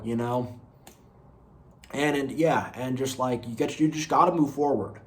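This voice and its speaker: A man's voice: medium pitch, measured pace, long pauses. A man giving an unscripted motivational monologue, earnest and rambling, repeating phrases and saying "you know" often. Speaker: motivational video creator.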